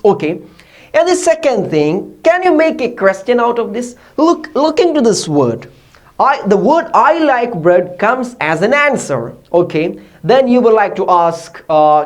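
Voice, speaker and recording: A man teaches a recorded online class. His voice swoops widely as he acts out sample questions, and he checks in often with "okay" and "like". He speaks at a patient teacher's pace. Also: high voice. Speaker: English tutor.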